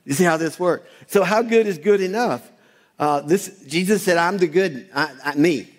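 Preacher in a big echoing hall. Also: male voice, high-pitched, normal speed. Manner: calls for congregation to repeat lines; quotes scripture, asks and answers own questions. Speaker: pastor. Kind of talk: sermon. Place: church sanctuary. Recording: long hall reverb.

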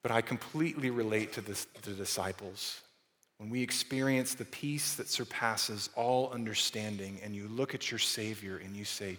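A man's voice: lowish voice, normal speed. Earnest preacher man in a reverberant hall. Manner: earnest, shifting from raised to hushed delivery. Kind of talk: sermon.

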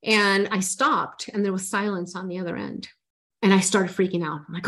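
A woman's voice: mid-range voice, steady tone, moderate pace, fairly bright tone. A woman in her forties, a life coach, telling her personal story in an interview in an earnest, emotional way, often restarting her sentences.

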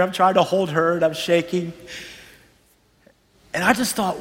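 Pastor, man in his thirties, higher voice, earnest storyteller, preaching in a reverberant hall. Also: steady tone, unhurried. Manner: earnest storytelling, emphatic repetition. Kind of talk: sermon.

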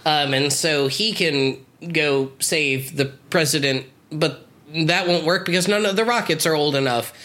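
High bright-voiced man, wry recap. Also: a little slow, few pauses. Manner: wry, sweary, laughs often. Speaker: podcast co-host. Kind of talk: casual chat recapping a cartoon episode.

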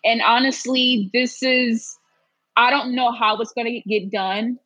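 A woman's voice: a little high, steady tone, a little slow, a bit bright, breathy edge, no room sound, low-quality recording. A woman guest talking earnestly and emphatically in a casual interview, repeating her phrases for weight.

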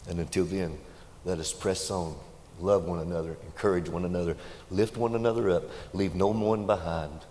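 Folksy preacher in an echoey hall. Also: male voice, sits low, fairly even intonation, normal speed. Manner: folksy, builds to loud emotional peaks. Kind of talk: sermon storytelling. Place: church hall. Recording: echoey hall with faint noise.

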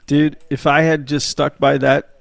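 A man in his fifties from New York chatting casually, with a gravelly texture and a dry, close sound. He is enthusiastic and teases his friends. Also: on the high side, flat delivery, a little slow, dry recording. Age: 50s. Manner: enthusiastic, teasing, profane. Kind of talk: casual chat.

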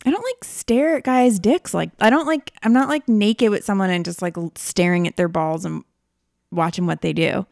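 A woman's voice: medium pitch, moderate pace, gravelly, a little mellow, no echo, studio quality. A woman co-hosting a podcast in casual chat, hesitant, filling her talk with "like" and giggling. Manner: hesitant, heavy use of "like", giggly. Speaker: podcast co-host.

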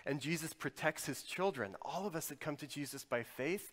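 A man preaching a sermon as a pastor, moving between loud, emphatic stretches and quiet, intimate ones. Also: fairly high pitch, moderate pace, few pauses. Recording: long hall reverb.

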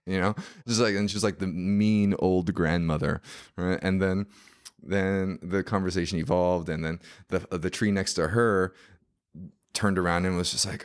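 A man's voice: sits low, normal speed. A man, a podcast guest, telling a story in a casual, rambling way, full of fillers and acted-out quotes.

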